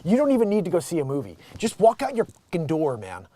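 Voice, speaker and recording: A middle-aged Connecticut man hosts a show, launching into a sarcastic, swearing comic rant that drifts into bits. His voice is a little high and warm, fast, with wildly swooping pitch.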